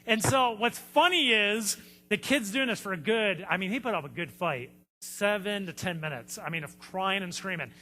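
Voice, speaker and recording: A man's voice: high-pitched, expressive, moderate pace, bright, forceful tone, long reverb tail. A man preaching a sermon as a pastor, telling stories in a conversational way with frequent fillers. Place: church sanctuary.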